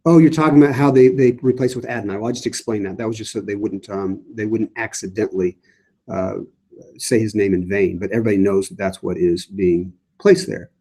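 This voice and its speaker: A man's voice: lowish voice, fairly even intonation, a little fast, dark tone. A middle-aged man, a priest, leading a casual Bible study and answering viewer questions with frequent fillers and restarts. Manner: conversational, many fillers and restarts.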